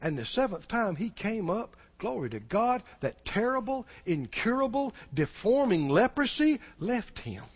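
A man preaching a sermon, moving from hushed storytelling to shouted exhortation and chuckling as he goes. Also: very high-pitched, muffled recording.

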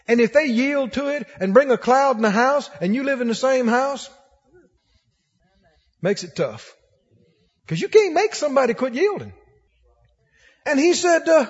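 High-voiced, rousing male preacher. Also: breathy edge, in a large hall, muffled recording. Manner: emphatic, rousing, asks the congregation questions. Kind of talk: sermon.

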